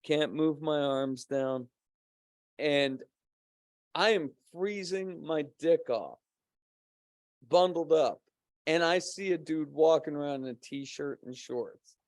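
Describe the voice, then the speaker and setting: A man's voice: a little high, takes it slowly, long pauses, no echo. A man telling a rambling story in casual podcast chat, swearing and laughing often. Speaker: podcast guest; co-host of a paranormal podcast.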